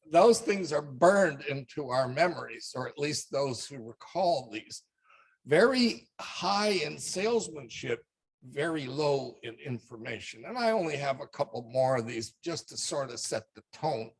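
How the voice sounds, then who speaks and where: A man's voice: fairly high pitch, animated, a little slow, husky. An older man giving a wry, conversational presentation talk as guest speaker.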